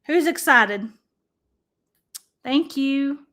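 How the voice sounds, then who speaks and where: Slow, high-voiced woman livestreaming. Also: lively intonation, sharp tone. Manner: chatty, addresses viewers as y'all. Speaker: livestream host. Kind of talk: casual livestream chat.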